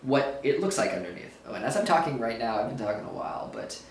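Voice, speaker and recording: A man's voice: medium pitch, big pitch swings, fast talker. Young man, casual vlog, rambling and giggly, sore throat, roomy echo, faint hiss. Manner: rambling, giggly, loses his thread. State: sore throat, groggy after surgery. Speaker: vlogger. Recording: echoey room, a bit far from mic.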